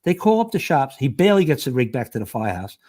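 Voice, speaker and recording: An older man with a New York accent, a retired fire lieutenant telling stories as a podcast guest, animated and rambling, acting out the voices of the people he quotes. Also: mid-range voice, quick pace. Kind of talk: casual storytelling chat.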